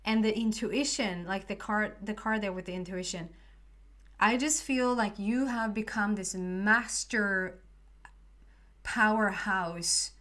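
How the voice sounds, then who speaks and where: A woman's voice: mid-range voice, takes it slowly, a bit bright. A woman giving a casual spoken tarot reading, rambling with many fillers and restarts. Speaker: tarot reader.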